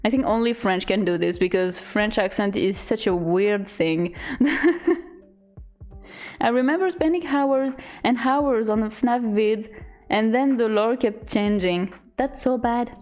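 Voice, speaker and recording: A young woman streamer in casual chat, reading out chat messages in a halting, giggly way. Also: on the high side, darkish tone, faint music behind.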